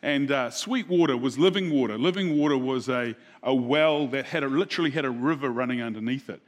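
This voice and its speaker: A man preaching a sermon, telling a Bible story in a relaxed, conversational way and asking the audience questions. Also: medium pitch, a little fast. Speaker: pastor.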